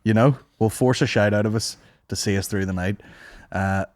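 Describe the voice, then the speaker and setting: A man's voice: on the low side, steady tone, moderate pace, no echo, clean studio sound. A man, telling crude stories in a rambling, casual way as a podcast co-host. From Northern Ireland. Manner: crude, rambling storyteller, swears a lot. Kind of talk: casual comedy chat.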